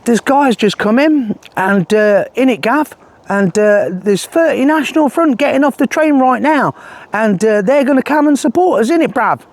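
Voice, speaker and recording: A brash young lad with an exaggerated put-on London accent, as a man mocks him, full of swagger. The voice jumps up well above the speaker's usual pitch and swings around a lot. Every line comes out as a mocking caricature. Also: animated, moderate pace.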